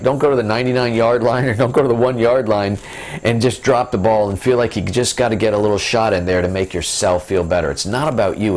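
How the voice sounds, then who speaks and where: A middle-aged man casually telling a rambling story to camera, with many fillers and restarts, as host of a business video series. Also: medium pitch.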